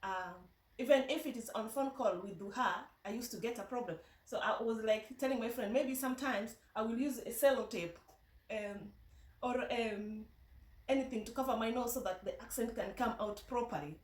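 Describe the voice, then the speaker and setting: A woman with a Kenyan accent telling a story casually to camera, animated, laughing often and restarting her sentences. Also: a little high, moderate pace, echoey room, recorded from a distance, low-quality recording. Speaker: vlogger. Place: in the United Kingdom.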